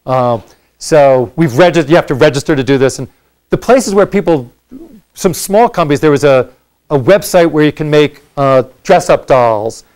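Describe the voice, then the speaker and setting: Man answering audience questions, higher voice. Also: animated, moderate pace, a little mellow. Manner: explanatory, conversational, frequent fillers and restarts. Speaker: lecturer. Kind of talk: Q&A after a university lecture.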